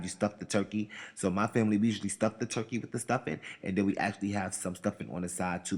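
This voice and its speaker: A man with a fairly low voice hosts a casual, opinionated countdown. He talks in a loose, chatty flow, circles back on his own phrases and asks the audience questions. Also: in a large hall. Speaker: host of a countdown show.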